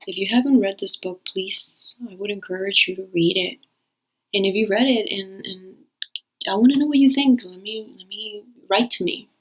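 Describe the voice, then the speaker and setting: The tarot channel host talks to camera in a loose, rambling way, restarting often. Her medium-pitched voice is gravelly and a bit bright, and the recording is rough.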